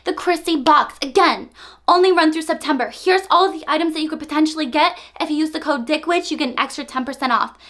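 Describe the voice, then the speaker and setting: A woman's voice: high voice, fast, a bit bright. A young woman chatting through an unboxing video, bubbly and gushing, with frequent gasps and giggles. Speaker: unboxing vlogger. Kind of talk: casual unboxing chat.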